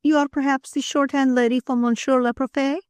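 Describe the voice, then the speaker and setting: A woman doing a coquettish young wife, high and pleading. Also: flat delivery, brisk, a little mellow, clean tone, no room sound, lightly acted. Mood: gushing. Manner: breathless, imploring, theatrical. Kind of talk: audiobook character voice.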